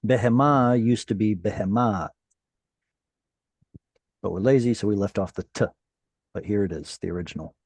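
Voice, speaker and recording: A man's voice: on the low side, normal speed, long pauses, darkish tone, breathy edge, dry recording. A man teaching a Hebrew class over a video call, patiently explaining and quizzing his students.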